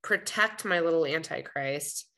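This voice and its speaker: A woman's voice: low-pitched, a little slow, bright, forceful tone. A young adult woman co-hosting a podcast in casual chat, with dry, teasing banter. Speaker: podcast co-host.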